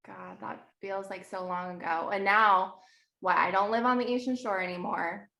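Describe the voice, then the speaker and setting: Woman in her thirties, podcast guest, chatty storyteller, mid-pitched voice, roomy echo. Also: steady tone, normal speed, vocal fry, pushed and bright. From New Jersey. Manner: chatty, laughs often, storytelling. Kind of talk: casual chat.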